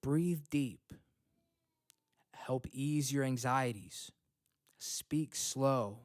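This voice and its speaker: A man's voice: fairly high pitch, drawn-out words, long pauses, darkish tone, smooth, no room sound, studio quality. A young man hosting a self-help podcast from home, blunt and profane, checking in often with "okay?" and "right?". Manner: blunt, swears freely, repeats points with "okay?" and "right?". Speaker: podcast host. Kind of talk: motivational self-help talk.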